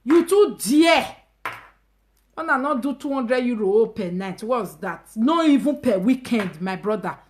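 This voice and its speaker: Loud high-pitched woman ranting in Nigerian Pidgin. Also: expressive, normal speed, few pauses, a little hiss or hum. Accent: Nigerian Pidgin English. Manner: emphatic, mocking, swings between loud outbursts and low asides. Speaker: live-stream host. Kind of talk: animated casual rant.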